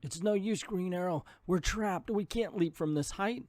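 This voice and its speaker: A man's voice: sits high, normal speed, darkish tone, no room sound, studio quality, pitched above the performer's own voice, natural voice. A man voicing an eager young male sidekick in a raised, urgent voice while reading a comic aloud. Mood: alarmed.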